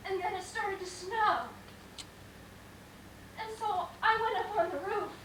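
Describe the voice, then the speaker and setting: A woman playing a fragile, troubled wife who rambles through a stage monologue with sudden shouted outbursts. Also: extremely high pitch, steady tone, a little slow, background noise. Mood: dreamy. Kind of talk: live stage play acting. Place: theater stage. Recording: echoey stage sound, mic far off.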